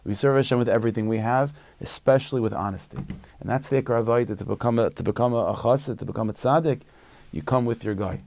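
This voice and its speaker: Gravelly-voiced man telling a sermon story. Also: medium pitch, a little mellow, no echo. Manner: conversational, halting, many restarts. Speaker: religious teacher.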